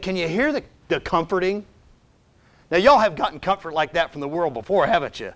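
A middle-aged male pastor with a notably high voice delivers a heartfelt sermon. He speaks personally and emphatically, dropping to near-whispers before rising to forceful emphasis. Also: expressive, a little fast. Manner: emphatic, personal, swings between hushed and shouted.

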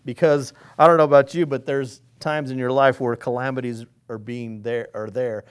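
A man's voice: medium pitch, fairly even intonation, normal speed, hardly any pauses, smooth. A man giving an informal, earnest sermon, rambling and restarting his sentences as he goes. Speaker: preacher.

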